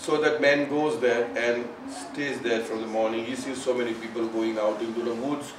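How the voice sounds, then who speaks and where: A man tells a parable in a loose, conversational way, leaning on "you know" as he goes. His voice sits at a middle pitch. He sounds some distance from the microphone in a reverberant room, with faint ambience underneath. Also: steady tone, moderate pace, noisy background. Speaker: storyteller at a spiritual gathering. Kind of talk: informal spoken parable.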